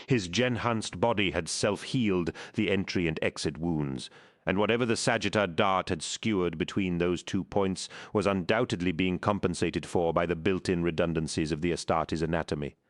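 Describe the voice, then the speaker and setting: A man narrating an action audiobook in a measured, dramatic reading. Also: low-pitched. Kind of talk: scripted narration.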